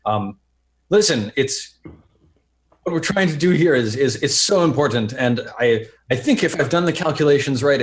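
A man voicing his polite, earnest starship character, speaking formally with halting restarts. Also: mid-range voice, close to an everyday voice.

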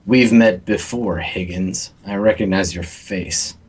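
A man voicing a gruff, contemptuous male bounty hunter who speaks in low, clipped threats. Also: a little slow. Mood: menacing.

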